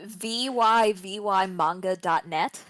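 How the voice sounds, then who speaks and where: A woman's voice: mid-range voice, takes it slowly, no echo. Playful woman co-host, dry close sound. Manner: expressive storyteller, loud and playful. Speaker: podcast co-host. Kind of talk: casual podcast chat.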